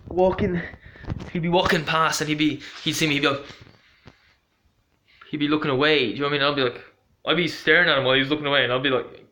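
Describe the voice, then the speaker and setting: A man's voice: mid-range voice, fairly bright tone. A man vlogging, telling a story in a casual, rambling way with lots of fillers and restarts, blunt and exasperated. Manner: blunt, swearing, exasperated retelling. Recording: dull lo-fi recording.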